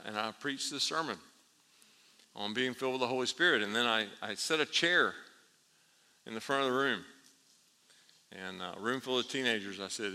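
A man preaching a sermon, telling a story with lively animation and laughing at his own tale. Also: medium pitch. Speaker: pastor. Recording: reverberant hall.

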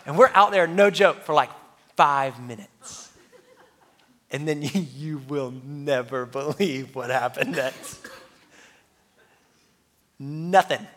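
Man, pastor, sermon story, self-mocking laughs, slightly high voice, long reverb. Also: takes it slowly, pauses often. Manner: animated storyteller, laughs at himself.

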